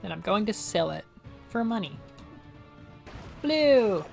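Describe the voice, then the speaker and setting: A woman's voice: on the low side, a little fast, gravelly, faint music behind. A young woman chatting casually while she plays a game on stream, rambling and laughing often. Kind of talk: casual gaming commentary.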